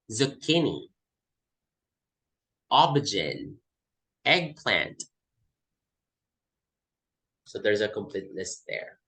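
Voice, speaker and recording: Slow, bright-voiced male tutor. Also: mid-range voice, rough recording. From Philippines. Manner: explains by repeating example words. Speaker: English test tutor. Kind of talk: online class lesson.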